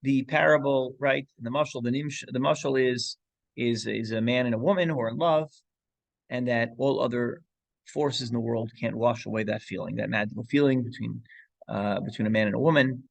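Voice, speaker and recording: A man leads a relaxed Torah class. His voice is gravelly, and the recording sounds close and dry. He wanders through a story with restarts and asides and drops Hebrew and Yiddish phrases into his English. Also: mid-range voice, normal speed, no room sound. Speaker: rabbi teaching a class.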